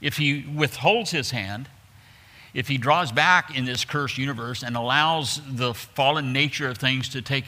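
A man's voice: medium pitch, gravelly, sharp tone. A man preaching an expository sermon, explaining scripture in a conversational way and reading passages aloud, with frequent restarts. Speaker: pastor.

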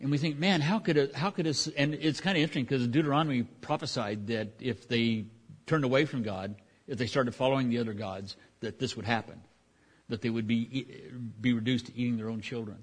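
A man's voice: medium pitch, fairly quick, husky. Conversational middle-aged male preacher. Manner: conversational, with frequent restarts and asides. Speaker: pastor. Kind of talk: sermon.

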